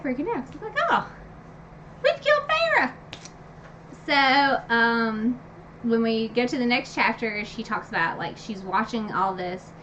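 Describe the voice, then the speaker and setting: A woman casually retelling a fantasy novel's ending, animated and gushing, with lots of fillers and sudden high squeals when excited. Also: dull audio, slight background noise. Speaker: book review vlogger. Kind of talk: casual book recap.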